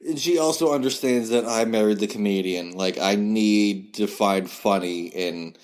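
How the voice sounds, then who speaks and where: Male podcast host and comedian, lowish voice, chatty, joking, trips on words. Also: moderate pace, darkish tone. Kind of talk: casual podcast interview.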